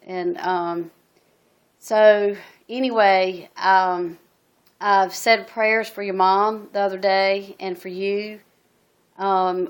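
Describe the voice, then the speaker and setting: A middle-aged woman telling her story as a single mother in a personal video message, halting and earnest, with many ums and restarts. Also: mid-range voice, smooth. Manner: earnest and emotional. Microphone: phone.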